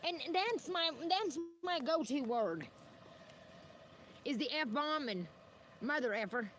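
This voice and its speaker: High-voiced woman streamer, combative, foul-mouthed, rambling rant. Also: expressive, slow pace, fairly bright tone, slight background noise. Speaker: livestreamer. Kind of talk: ranting livestream monologue.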